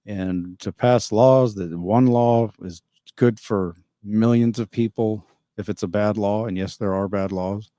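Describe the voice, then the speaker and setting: A man hosts a casual livestream, reading out viewer comments and answering them in a loose, rambling, opinionated way. His voice sits low and sounds dark and mellow. The sound is dry and close, with no room around it. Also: fairly even intonation, measured pace, no echo. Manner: rambling, opinionated, chuckles often. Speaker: livestream host reading chat.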